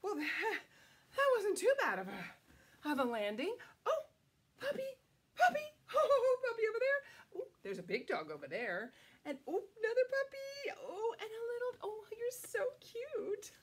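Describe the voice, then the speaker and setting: A children's storyteller reads a picture book aloud at storytime, her voice very high-pitched with big pitch swings at normal speed. She's playful and exclamatory, delivering it in a sing-song way.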